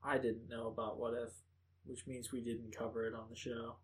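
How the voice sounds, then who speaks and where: A man's voice: mid-range voice, flat delivery, moderate pace. A man co-hosting a podcast, joking and bantering in casual chat. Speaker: podcast co-host.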